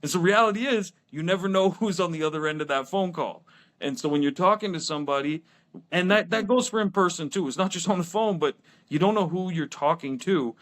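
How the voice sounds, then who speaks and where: A man co-hosting a business talk show speaks in a relaxed, loose way. He tells stories with lots of restarts and small laughs, and his voice sits a little on the higher side. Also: brisk. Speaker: podcast co-host. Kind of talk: casual chat.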